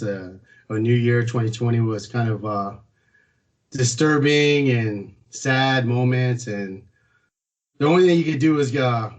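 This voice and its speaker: A man co-hosting a casual podcast chat, relaxed and slangy, with bursts of enthusiasm. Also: mid-range voice. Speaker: podcast co-host.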